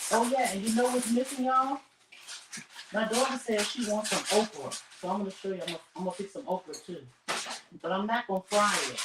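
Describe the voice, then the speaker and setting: A woman's voice: on the low side, recorded from a distance, heavy background noise. Chatty woman cooking live, mic set back. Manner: chatty, talks straight to viewers, frequent asides. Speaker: home cook livestream host. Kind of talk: casual cooking livestream. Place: home kitchen.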